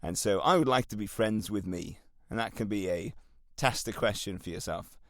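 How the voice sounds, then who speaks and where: A man's voice: fairly low pitch, normal speed, no echo, studio quality. A man with a Welsh accent hosting a solo self-help podcast, talking to listeners in an earnest, encouraging coaching way. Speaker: podcast host.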